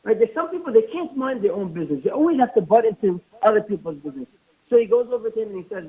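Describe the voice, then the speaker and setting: A man preaches with animated storytelling and keeps asking rhetorical questions. His voice is high and husky. The sound is thin and phone-like. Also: very fast. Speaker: rabbi giving a talk. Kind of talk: sermon with storytelling. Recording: tinny phone-like lo-fi audio.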